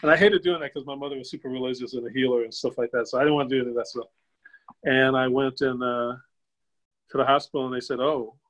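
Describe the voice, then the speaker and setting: An older man, a guest on a video call, tells a personal story in a casual way. He acts out the quoted voices with sudden jumps up in pitch and chuckles as he goes. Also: poor audio. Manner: chuckles while telling. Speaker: interview guest.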